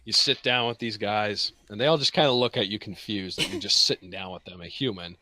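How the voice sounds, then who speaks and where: A young man acting as game master, narrating a tabletop game in a lively, laughing way over an online video call. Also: fairly low pitch, no room sound. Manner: lively, laughing, quick asides.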